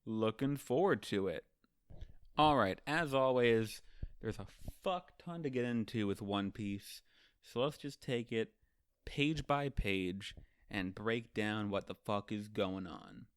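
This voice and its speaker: Man, low voice, casual profane manga recap, acts out characters' lines, dead-dry sound. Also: slow pace, clear, resonant tone, no echo. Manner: profane, loose and chatty, recaps scenes by acting out characters' lines. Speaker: host of a manga ranking show. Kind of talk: casual manga chapter review.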